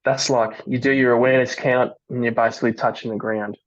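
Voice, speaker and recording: A man's voice: mid-range voice, fast talker. A man hosts a podcast in an easygoing, chatty manner and laughs with his guest. His voice sits in a middle range. The audio sounds muffled and dull, like a remote recording. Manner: relaxed, laughs along with the guest. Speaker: podcast host. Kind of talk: casual interview.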